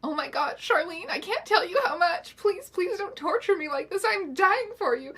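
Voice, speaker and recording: A woman's voice: extremely high pitch, expressive, normal speed, bright, forceful tone, pitched above the performer's own voice, full character voice. A woman voicing a terrified, swooning young woman from a pulp novel who gushes and pleads breathlessly.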